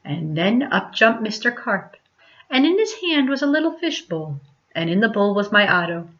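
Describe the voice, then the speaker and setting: A woman teacher reading a picture book aloud, with expressive exclamations and questions. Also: medium pitch, moderate pace, muffled recording.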